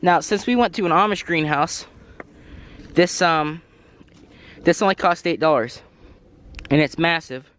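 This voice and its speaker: A man's voice: on the high side, unhurried, pauses often, a bit bright. A man giving a casual, rambling tour of his garden plants outdoors, a bit out of breath, often correcting himself. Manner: rambling, self-correcting, apologetic asides. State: slightly out of breath. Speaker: gardening vlogger. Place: outdoors in a garden, cars passing.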